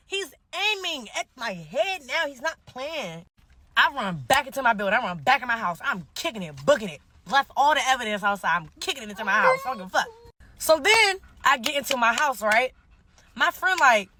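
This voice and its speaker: A woman's voice: a little high, big pitch swings, moderate pace, pushed and bright, no room sound. A young woman telling a wild personal story in casual, profane slang, laughing often. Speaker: guest telling her story. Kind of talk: animated storytelling.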